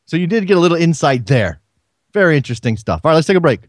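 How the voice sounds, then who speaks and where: A man's voice: fairly high pitch, sing-song, rapid-fire, no room sound, studio quality. A man hosting a casual sports call-in radio show, talking off the cuff and often repeating words as he thinks aloud.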